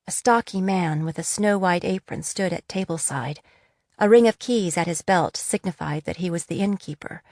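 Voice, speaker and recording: Give me a woman narrating a fantasy novel, steady and measured, with a low voice. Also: no echo, clean studio sound. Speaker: audiobook narrator. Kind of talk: scripted narration.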